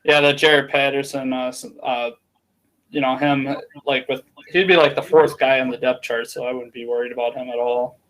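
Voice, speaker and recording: A man's voice: medium pitch, level tone, moderate pace, a bit bright, low-quality recording. A man on a podcast panel joining by video call, chatting casually in a hesitant way with many fillers. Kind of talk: casual chat.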